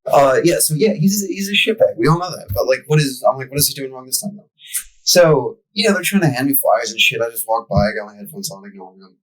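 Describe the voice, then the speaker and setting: A man's voice: medium pitch, expressive, fast, few pauses, poor audio. A young man telling a profane, ranting story as a podcast co-host in casual chat. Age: young adult.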